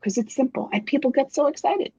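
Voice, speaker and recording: A woman guest author chatting casually on a livestream, an animated storyteller who quotes and acts out others. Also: sits high, fast, no echo, dull audio.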